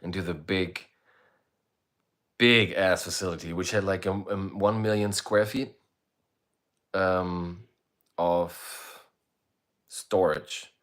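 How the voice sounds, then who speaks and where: Deep-voiced laid-back male livestreamer. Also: fairly even intonation, takes it slowly, pauses often, fairly bright tone. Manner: laid-back, rambling, swears freely, reads out viewer comments. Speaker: musician hosting a livestream. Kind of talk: casual livestream chat and storytelling. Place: indoors, streaming while away on travel.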